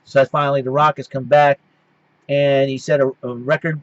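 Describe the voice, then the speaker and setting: A man's voice: mid-range voice, flat delivery, moderate pace, no echo. Rambling man with a dull, dry sound. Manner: rambling, with frequent restarts. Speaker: host. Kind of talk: casual recap.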